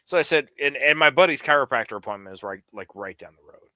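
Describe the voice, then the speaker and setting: Lively, bright-voiced storytelling man. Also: medium pitch, quick pace, no echo. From New York area. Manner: rambling storyteller, profane, animated. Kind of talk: casual livestream chat.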